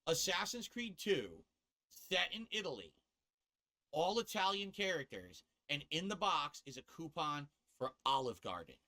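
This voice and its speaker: A man's voice: fairly high pitch, very animated, a little slow, bright, forceful tone. A man from the US East Coast ranting and cursing on a casual live stream, laughing at himself as he goes.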